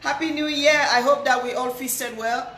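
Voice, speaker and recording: A woman hosts a live stream in a high-pitched, fairly bright voice with a steady tone and moderate pace, sounding nasal from a cold. Chatty and repetitive, she greets viewers by name, in an echoey room with faint hiss.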